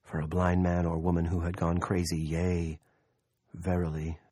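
A man narrating an audiobook in a steady, measured storytelling voice. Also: low-pitched, dry recording, studio quality. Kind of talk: scripted narration.

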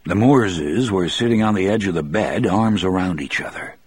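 Male audiobook narrator, first-person novel: deep, husky, measured, dry close recording. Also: darkish tone, no room sound.

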